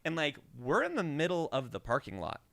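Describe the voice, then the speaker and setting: A young man co-hosting a podcast, telling a story in a casual, animated way, acting out the people in it and swearing freely. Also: on the high side, fairly quick, gravelly, no room sound. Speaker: podcast co-host.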